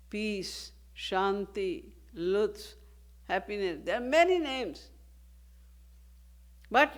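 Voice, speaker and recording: Slow, measured woman giving a devotional talk. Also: mid-range voice. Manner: measured, with rhetorical questions. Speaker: spiritual teacher. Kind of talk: devotional discourse.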